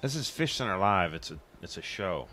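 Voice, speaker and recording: A man's voice: low-pitched, very animated, fairly quick, bright, forceful tone, faint music behind. A man hosting a live web show, joking and rambling in casual chat. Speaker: host.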